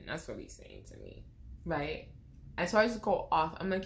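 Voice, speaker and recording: A young woman vlogger telling a personal story in a lively, expressive way, with casual slang. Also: mid-range voice, moderate pace, long pauses, a little hiss or hum.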